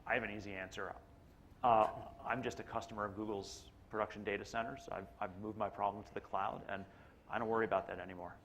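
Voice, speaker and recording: A man's voice: fairly low pitch, fairly even intonation, quick pace. A man, an IT executive on a panel, making firm, earnest points in short, direct sentences. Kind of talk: panel discussion answer. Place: stage at a live panel event. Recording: live event recording with background noise.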